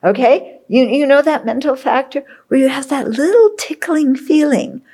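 In a reflective dharma talk, a Buddhist woman teacher speaks at a moderate pace with a high-sitting, darkish voice. She often checks in with listeners by asking "okay?" and acts out inner voices.

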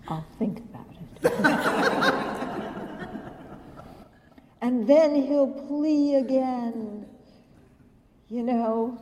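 A woman giving a Buddhist dharma talk, animated and self-mocking, often laughing at her own stories. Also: on the high side, big-room sound, rough recording. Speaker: Buddhist teacher.

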